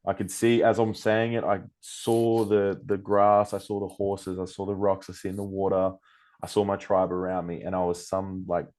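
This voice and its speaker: An Australian man, a coaching guest, telling personal stories in casual, animated talk, swearing freely and acting out what others said. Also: low voice, normal speed. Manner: animated, swears freely, acts out quoted speech. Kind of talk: casual storytelling.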